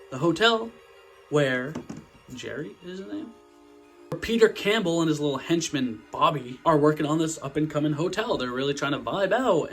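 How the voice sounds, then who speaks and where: Slangy energetic young guy. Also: a little high. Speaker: host of a movie review channel. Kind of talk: casual movie review vlog.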